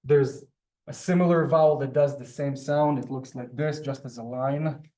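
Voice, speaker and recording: A man's voice: medium pitch, fairly even intonation, normal speed, mellow. A man teaching a classroom language lesson, explaining step by step with many ums and asides. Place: synagogue classroom.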